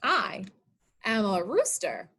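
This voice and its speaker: A woman's voice: a little high, sing-song, slow pace, creaky, sharp tone. A woman, a children's librarian, reading picture books aloud during an online storytime, asking small children sing-song guessing questions.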